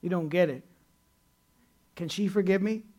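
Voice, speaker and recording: A man's voice: high voice, normal speed, a little mellow. A man pastor preaching a sermon in a conversational way, acting out the people he quotes.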